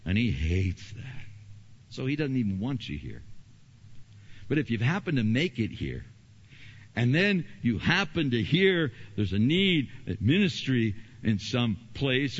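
Emphatic male preacher, mid pitch, animated sermon delivery, lo-fi capture. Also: normal speed, breathy edge. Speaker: pastor. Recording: dull lo-fi recording.

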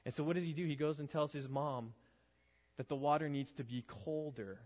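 A man preaching a youth sermon to high schoolers, telling stories in a loose, conversational way with casual asides. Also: steady tone, brisk, darkish tone. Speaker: youth pastor. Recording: reverberant hall, dull lo-fi sound.

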